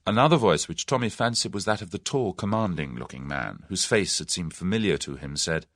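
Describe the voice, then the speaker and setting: A man's voice: low voice, very animated, fairly quick, few pauses, fairly bright tone, no room sound, clean studio sound. A man narrating an audiobook with dramatic storytelling. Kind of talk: scripted narration.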